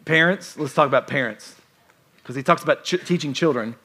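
A male pastor delivers a sermon in a lively, conversational way, with playful asides to his listeners. His voice sits a little higher than most men's. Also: fairly quick, husky.

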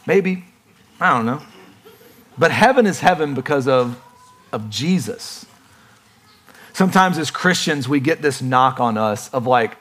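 A man preaching a sermon in a lively, conversational way, acting out quick voices for the people in his stories. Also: medium pitch. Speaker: pastor.

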